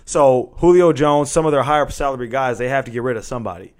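A man co-hosting a podcast, calmly explaining sports scenarios step by step in casual chat. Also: mid-range voice, fast. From Southern California. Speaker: podcast co-host.

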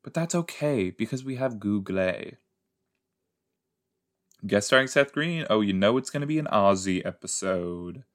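A man's voice: fairly low pitch, animated, a little slow. A man hosting a podcast and giving playful, rambling commentary as he rewatches a show. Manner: playful, rambling, self-mocking. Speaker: podcast host.

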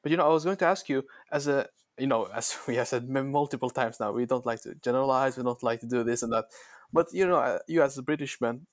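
A man's voice: medium pitch, fast, no room sound, studio quality. A man speaking as a podcast guest in a casual chat, hesitant and rephrasing his questions again and again.

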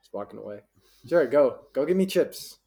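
Young man, podcast host, joking, bossy, animated pitch. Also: moderate pace, creaky. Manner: joking, bossy, laughs often. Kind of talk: casual chat among friends.

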